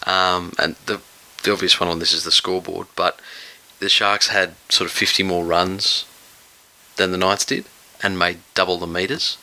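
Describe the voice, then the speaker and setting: Very deep, bright man. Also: little pitch movement, moderate pace, poor audio. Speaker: podcast co-host. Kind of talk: casual sports chat.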